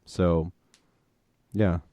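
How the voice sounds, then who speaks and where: A man's voice: low-pitched, very slow, no echo. Rambling casual man, dry close mic. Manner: rambling, filler-heavy, animated storytelling. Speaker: podcast co-host. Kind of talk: casual chat.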